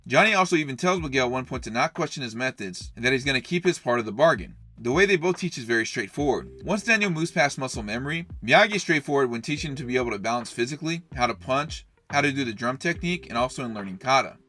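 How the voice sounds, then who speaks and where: A man reads a scripted video essay at a brisk clip, his voice bright and forward. He explains point by point in an earnest tone. Soft music plays faintly underneath. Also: mid-range voice, lively intonation. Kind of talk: scripted analytical narration.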